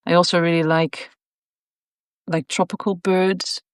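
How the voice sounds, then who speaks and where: Woman guest, low pitch, halting casual talk, dry close recording. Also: flat delivery, smooth, no room sound. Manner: hesitant, searches for words with many fillers. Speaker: guest artist. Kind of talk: casual chat.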